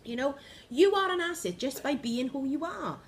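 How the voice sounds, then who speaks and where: Energetic woman, high voice. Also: moderate pace, a little hiss or hum. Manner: energetic, emphatic, repeats phrases. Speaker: spiritual vlogger. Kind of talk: impassioned motivational monologue.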